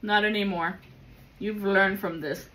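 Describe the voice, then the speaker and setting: A woman's voice: medium pitch, fairly even intonation, measured pace, bright, forceful tone, slight background noise. A woman giving a casual tarot reading to viewers, emphatic and blunt, swearing often and calling the listener baby. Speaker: tarot reader.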